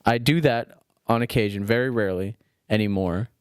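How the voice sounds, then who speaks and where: A man's voice: fairly low pitch, a little fast, smooth, no echo, clean studio sound. A man, a stand-up comedian, reflecting casually on crowd work on a podcast, restarting words often. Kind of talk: casual chat.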